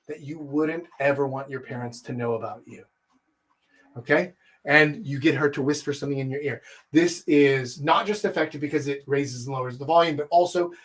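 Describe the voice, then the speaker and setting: A man from Texas, in his thirties or older, giving a live-streamed dating coaching talk, animated and blunt, swinging his pitch and volume to show his points. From Texas, USA.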